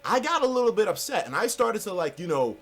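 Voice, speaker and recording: Guy ranting a story on his vlog, swears a lot, fairly high voice that jumps all over. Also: sing-song, fast talker, slight background noise. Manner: profane, emphatic, heated. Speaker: vlogger.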